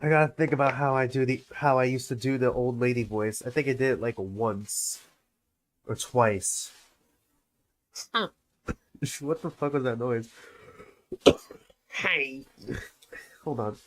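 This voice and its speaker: A man's voice: mid-range voice, a little slow, pauses often. A man with a sore throat streaming a game, grumbling, swearing and mocking himself between lines. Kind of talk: profane game-stream commentary.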